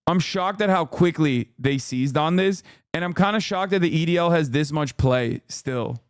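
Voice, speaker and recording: A man's voice: a little high, moderate pace, smooth, no echo, clean studio sound. A man streaming live, reacting to news footage with blunt, profane, emphatic commentary.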